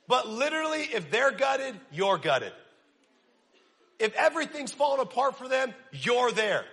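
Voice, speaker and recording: A young man preaching a casual, energetic sermon, using slang and quizzing his audience. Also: extremely high pitch, measured pace. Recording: long reverb of a large hall.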